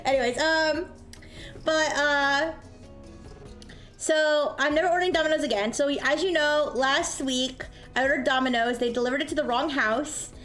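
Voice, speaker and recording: A high-pitched woman streams from her desk microphone and chats with her viewers. She tells a story in a casual, animated way and acts out the voices of the people in it. Soft music plays quietly behind her. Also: moderate pace.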